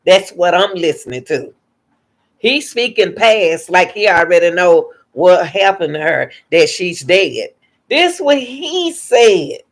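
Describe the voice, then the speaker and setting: A woman's voice: lowish voice, a little slow. A woman hosting a reaction channel, giving emphatic commentary and repeating her points to her viewers.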